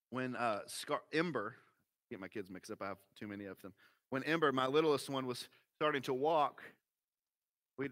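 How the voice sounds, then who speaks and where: A man in his thirties, a pastor, preaching a sermon in a folksy, animated way. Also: medium pitch. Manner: animated, folksy, acts out voices.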